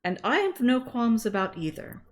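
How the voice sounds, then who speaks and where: Woman player talking someone down, calm, voice rises and falls a lot. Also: on the high side, normal speed. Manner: calm, persuasive. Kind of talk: in-character tabletop play.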